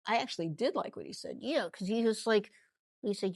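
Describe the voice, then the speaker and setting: A woman hosting a casual reality-TV gossip recap, chatty and animated, often trailing off and restarting her thoughts. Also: mid-range voice, a little fast, vocal fry, dry recording. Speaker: ventriloquist host.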